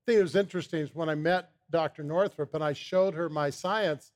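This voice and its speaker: High-pitched guy on a talk show, eager and earnest, trips over repeats. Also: brisk. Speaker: supplement company founder, guest.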